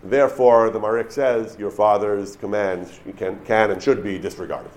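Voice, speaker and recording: A man's voice: lowish voice, steady tone, moderate pace, darkish tone. A man teaching a Torah class, explaining legal sources earnestly and with enthusiasm, often restarting and repeating words as he thinks. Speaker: Torah lecturer. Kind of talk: online Torah class lecture.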